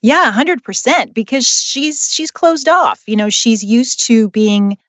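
A woman's voice: on the high side, expressive, a little slow, dry recording. A woman who writes novels and trains dogs, answering interview questions in an enthusiastic, chatty way. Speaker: author and dog trainer. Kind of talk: interview guest.

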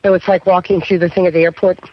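A man's voice: sits high, flat delivery, quick pace, no room sound. A middle-aged man, a paranormal investigator, tells stories as a guest on a radio talk show and keeps checking in with the listener. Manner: storytelling, keeps checking in with "okay?". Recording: muffled radio broadcast.

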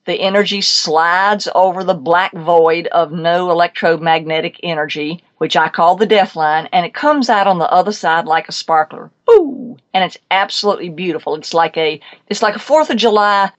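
Lively woman telling a pet story. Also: lowish voice, normal speed, few pauses, muffled recording. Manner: lively, emphatic, chatty. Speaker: show host and pet psychic. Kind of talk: animated storytelling on a talk show.

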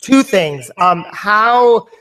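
A man hosting an interview, reading out viewer questions in an appreciative, slightly halting way. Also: high voice, animated, bright, forceful tone. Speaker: host.

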